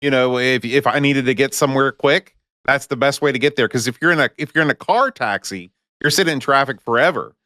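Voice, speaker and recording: A man's voice: mid-range voice, brisk, sharp tone, no room sound, studio quality. A man co-hosting a casual podcast, telling stories with self-mocking jokes. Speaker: podcast co-host. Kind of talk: casual chat.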